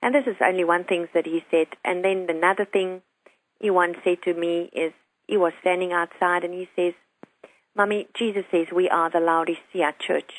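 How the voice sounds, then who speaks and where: A woman's voice: fairly low pitch, steady tone, normal speed, no room sound, low-quality recording. A woman who is a talk show guest, earnestly telling a personal faith story and quoting her young son's words.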